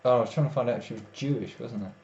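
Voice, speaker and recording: A man's voice: mid-range voice, racing, a little mellow. A tired man, rambling casually as he chats with viewers on a live stream. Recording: echoey room, dull lo-fi sound, faint noise.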